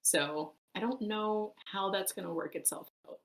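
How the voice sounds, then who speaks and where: A woman's voice: medium pitch, moderate pace, poor audio. A woman co-hosting a book club podcast, chatting casually and frankly, swearing freely. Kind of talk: casual chat.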